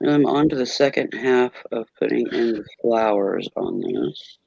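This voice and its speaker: A man with a gravelly, creaky voice chimes into a casual stream with dry, matter-of-fact remarks. The sound is dead and close, with dull lo-fi quality. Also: mid-range voice, animated, a little slow, a little mellow, no room sound. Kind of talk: casual chat.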